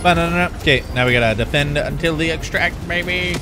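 A man hosting a casual co-op gaming session, laid-back and swearing, getting loud and excited at big moments. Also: fairly high pitch, a little fast. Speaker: gaming channel host. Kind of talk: casual co-op gameplay chat. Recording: game music underneath.

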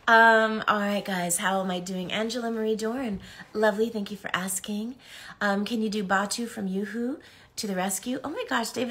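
Woman, middle-aged, casual live-stream chat, bubbly, chatty, fills pauses with um. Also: medium pitch, a bit bright. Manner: chatty and bubbly, reading comments aloud, many ums. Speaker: voice actress signing autographs on a live stream.

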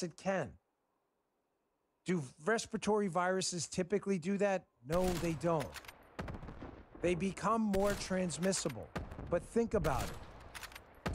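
A Texan man with a high-pitched voice hosts a show, talking politics over gameplay against a noisy background. He sounds frustrated and emphatic, and he often repeats himself.

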